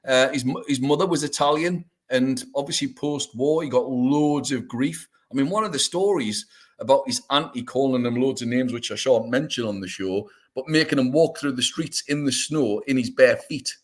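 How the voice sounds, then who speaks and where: A man's voice: medium pitch, moderate pace. A man, hosting a podcast and telling anecdotes with enthusiasm. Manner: enthusiastic, anecdotal, laughs often. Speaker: podcast host. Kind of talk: casual chat.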